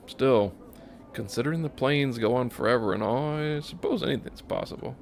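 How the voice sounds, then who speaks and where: A man's voice: medium pitch, moderate pace, vocal fry, slight background noise, voice pushed up, lightly acted. A man voicing a weary, plain-spoken mourner of the dead who talks in a folksy, rueful way.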